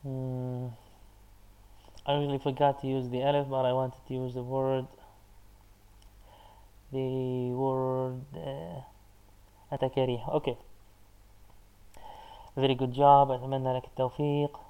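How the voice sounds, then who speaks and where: Mellow, halting male language teacher. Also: medium pitch, completely flat delivery, clean tone, rough recording. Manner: patient, halting explanations with frequent "uh" fillers. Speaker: Arabic teacher. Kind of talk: live online lesson answering chat comments.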